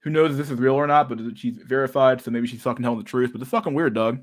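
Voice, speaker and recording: A man's voice: medium pitch, fast talker. A young man hosting a casual livestream chat, talking in a profane, slangy and sarcastic way, often laughing. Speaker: livestream host.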